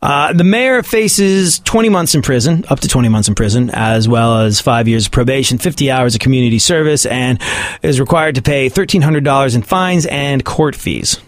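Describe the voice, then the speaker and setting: A man's voice: mid-range voice, lively intonation, normal speed, no room sound, studio quality. A man giving sarcastic comedic commentary on the news and often laughing at his own points.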